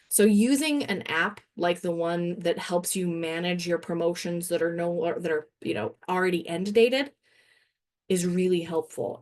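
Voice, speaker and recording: In a webinar, a woman trainer talks through a software demo in a chatty, self-deprecating way. She laughs now and then and sounds a little winded, and her voice sits on the low side.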